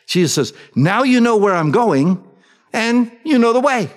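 A man preaching a sermon, asking his congregation questions and answering them himself, swinging between raised emphatic lines and soft low asides. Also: lively intonation, normal speed. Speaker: pastor. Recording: long reverb of a large hall.

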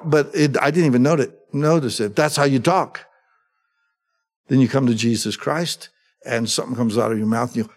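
A man's voice: fairly high pitch, animated, moderate pace. A middle-aged male pastor preaching a sermon, who talks conversationally and keeps asking the congregation whether they agree.

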